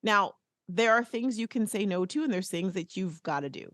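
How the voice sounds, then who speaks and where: A woman's voice: medium pitch, lively intonation, normal speed, a bit bright, dry recording, clean studio sound. A woman co-hosting a podcast in casual chat, playful and talkative. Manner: chatty, playful, slips into quoted voices. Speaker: podcast co-host.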